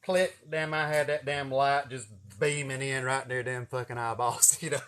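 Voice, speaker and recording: A man's voice: mid-range voice, normal speed, smooth. A man telling casual stories, swearing a lot and acting out what people said. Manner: swearing, animated storytelling with acted-out quotes. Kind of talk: casual storytelling.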